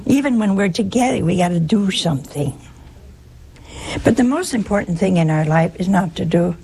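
Raspy, gravelly woman; chatty, anecdotal spiritual speaker with a humorous touch. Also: medium pitch, animated, moderate pace, mellow. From United States. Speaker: religious sister giving a talk. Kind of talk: informal spiritual talk to an audience.

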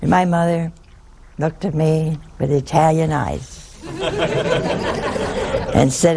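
An older woman, a nun, telling a funny personal story in a folksy, chuckling way with long pauses. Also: low-pitched, vocal fry, over a noisy crowd, poor audio. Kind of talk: humorous personal storytelling talk.

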